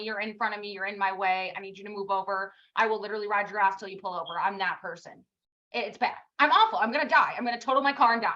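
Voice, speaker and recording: Woman team leader, punchy and bright, scolds and rallies on a live stream; muffled stream sound. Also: mid-range voice. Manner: blunt, scolding, rapid-fire rhetorical questions; swears casually, self-mocking. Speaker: team leader giving a live pep talk. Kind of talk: casual motivational livestream talk.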